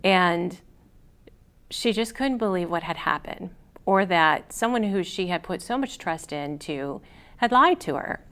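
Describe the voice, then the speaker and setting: A woman's voice: lowish voice, animated, measured pace, fairly bright tone. A woman, a confidence coach and show host, telling a personal story in an earnest, encouraging way. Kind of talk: casual storytelling to camera.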